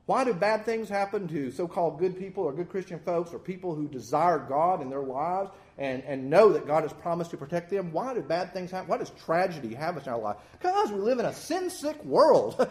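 Man, preacher, sermon, folksy, animated, high-pitched. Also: brisk, hardly any pauses. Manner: folksy, animated, self-deprecating humor.

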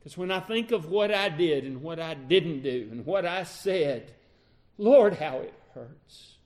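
A man's voice: on the high side, lively intonation, unhurried, a little mellow. A male preacher voicing a grieving, remorseful apostle who pours out anguished self-reproach in a sermon.

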